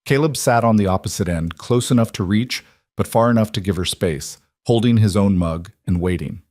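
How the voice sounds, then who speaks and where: A man reading a scripted story in an even, measured narration. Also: on the low side, dry recording, clean studio sound.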